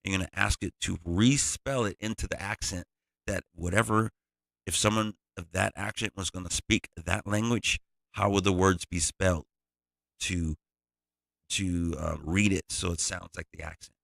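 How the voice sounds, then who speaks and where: Deep gravelly man explaining casually. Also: steady tone, normal speed, a bit bright, no echo. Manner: loose, digressive explaining. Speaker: music producer. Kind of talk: casual tutorial walkthrough.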